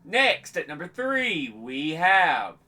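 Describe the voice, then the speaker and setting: A man hosting an informational video, reading dates and figures in a steady, measured way and sometimes restarting a phrase. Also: a little high. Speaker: host. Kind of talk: unscripted informational presentation.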